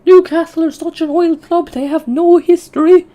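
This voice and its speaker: A man voicing a whiny, sneering rival football fan in a mocking falsetto. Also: fairly even intonation, moderate pace, lo-fi sound. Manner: mocking, taunting.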